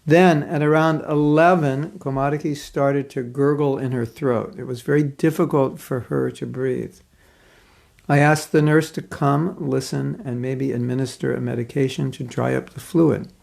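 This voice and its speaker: A man giving a devotional class, reading a story aloud and commenting on it in an earnest, expressive storytelling manner with pauses. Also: mid-range voice, creaky. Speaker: spiritual teacher giving a class.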